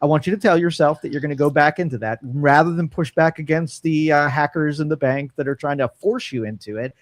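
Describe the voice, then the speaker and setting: A man's voice: a little high, a little fast. An American man co-hosting a call-in talk show, teasing his co-host in a wry, joking way. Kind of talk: casual talk show chat.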